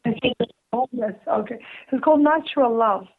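A woman caller from Canada reading her own love poem slowly and tenderly over the phone. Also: fairly high pitch, gravelly, breathy edge. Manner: slow, tender recital with laughing asides. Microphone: telephone. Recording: tinny phone line.

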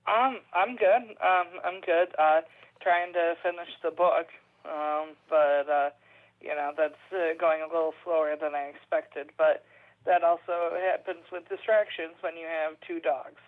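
A man calling in to a show, talking casually and hesitantly with many pauses. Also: a little high, fairly even intonation. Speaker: caller. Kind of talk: casual chat on a phone call. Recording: tinny phone line.

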